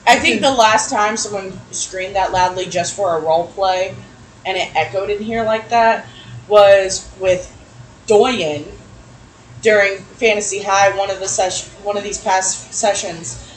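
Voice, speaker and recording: A woman co-hosting a casual chat, recapping a tabletop game and acting out quotes in an animated way. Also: medium pitch, unhurried, echoey room, slight background noise, low-quality recording. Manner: animated storyteller, acts out quotes with lively voices. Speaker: podcast co-host recapping a game. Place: room with echo.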